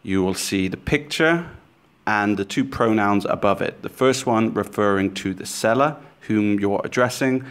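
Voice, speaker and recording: A man teaching a language lesson in scripted narration, giving slow, clear explanations and carefully sounding out foreign phrases. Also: lowish voice.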